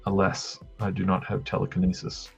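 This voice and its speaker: An Australian man chats casually on a live drawing stream, spinning rambling, self-deprecating stories. His voice sits low with a gravelly edge. The audio is dull and lo-fi, with faint music underneath. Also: monotone, moderate pace. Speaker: streamer host drawing comics.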